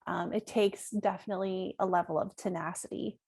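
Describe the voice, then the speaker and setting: A woman's voice: medium pitch, fairly even intonation, a little fast, breathy edge. A woman podcast host affirming her guest and asking a question, with frequent fillers. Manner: warm, affirming, with frequent likes and ums. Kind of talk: interview question.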